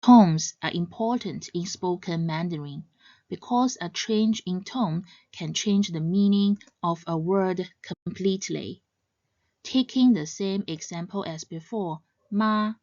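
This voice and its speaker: A language teacher with a warm, fairly low-pitched voice narrates a scripted lesson very slowly, laying out each point in a measured, explanatory way. Her voice is close and dry with no echo or room around it, and the audio is somewhat dull and lo-fi.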